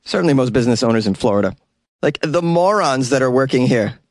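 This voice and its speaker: A man from the Boston area hosts his comedy news podcast at a middling pitch. He is sarcastic and chuckles at his own jokes. The sound is dry and close to the mic. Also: expressive, quick pace, dry recording. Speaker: podcast host. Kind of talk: casual comedic monologue.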